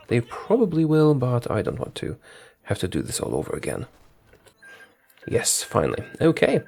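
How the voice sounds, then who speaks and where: Gravelly man narrating his strategy game. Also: mid-range voice, a little mellow. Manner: thinks aloud, talks to his units, corrects himself. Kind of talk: casual gameplay commentary.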